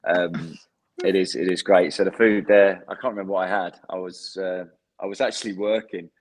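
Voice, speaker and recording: Man, English accent, very low voice, laughs a lot, halting restarts, casual guest chat. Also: steady tone. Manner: laughs often, self-deprecating, halting restarts. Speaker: guest, former footballer.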